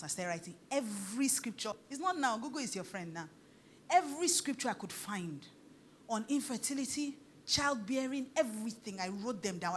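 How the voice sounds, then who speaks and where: A woman's voice: mid-range voice, a little hiss or hum. A middle-aged woman with a Nigerian accent, preaching a sermon as a pastor, telling stories, dropping pidgin phrases and laughing often.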